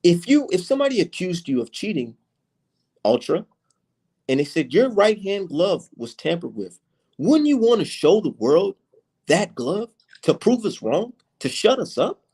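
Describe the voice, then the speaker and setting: A man's voice: sits high, very animated, unhurried, darkish tone, breathy edge. A man from the United States, a channel host arguing in a heated online debate, combative and mocking, swearing freely.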